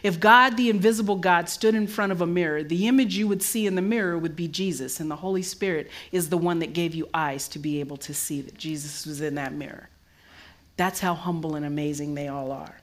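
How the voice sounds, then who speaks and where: A middle-aged woman pastor preaching a sermon, swinging from low and reflective to high, loud emphasis. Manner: drops low and slow for reflective moments.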